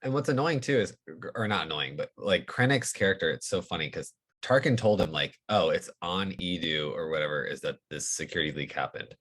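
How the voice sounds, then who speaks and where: A man's voice: low-pitched, a little fast, hardly any pauses. A man co-hosting a podcast, chatting casually and agreeably about a film. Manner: relaxed, agreeable, lots of fillers. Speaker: podcast co-host. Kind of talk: casual review chat.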